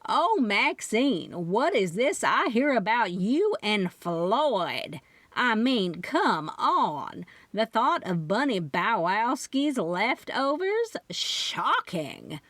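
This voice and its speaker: A woman's voice: a little high, big pitch swings, extremely slow, fairly bright tone, no room sound, exaggerated voice. A woman narrator voicing a haughty, gossipy well-dressed woman with a snooty, needling way of talking.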